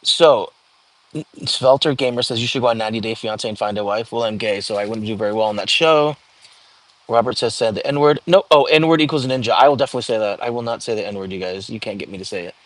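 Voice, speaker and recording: A man's voice: lowish voice, fast talker. A young man hosting a casual livestream, reading viewer comments aloud and chatting back in an easygoing way. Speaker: livestream host. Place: home.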